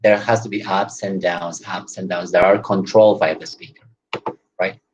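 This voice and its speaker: A man's voice: low-pitched, fairly even intonation, normal speed, highs cut off, a little hiss or hum. A man teaching English in an online class, explaining at length and tagging his points with "right?" and "you know".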